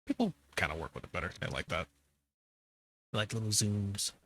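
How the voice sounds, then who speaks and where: A man's voice: lowish voice, big pitch swings, fairly quick, fairly bright tone. A tired man streaming while he edits a video, rambling casually and searching for words. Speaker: streamer editing his video. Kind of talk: casual live commentary.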